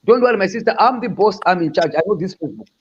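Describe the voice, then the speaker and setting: A high-pitched, raspy man holds forth in a loud, boastful rant, hammering the same slogans again and again. His voice comes through dull and lo-fi, like call audio with the highs cut off. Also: lively intonation, rapid-fire. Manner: boisterous, repeats boastful slogans. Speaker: caller.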